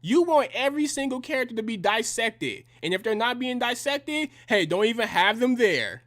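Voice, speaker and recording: A man's voice: very high voice, lively intonation, moderate pace, a bit bright. A young man delivering a heated, profane and combative reaction rant in slangy language. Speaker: reaction commentator.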